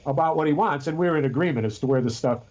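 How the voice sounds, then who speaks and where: A man's voice: on the high side, quick pace, a little mellow, muffled recording. A man co-hosting a podcast in casual chat, rambling and telling stories with frequent restarts. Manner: rambling, restarts often, storytelling. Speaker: podcast co-host.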